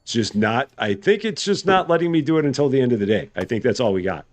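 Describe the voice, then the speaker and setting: A man's voice: mid-range voice, animated, quick pace. A man giving casual live gameplay commentary as a streamer, chatty and good-humored, thinking aloud. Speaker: game streamer.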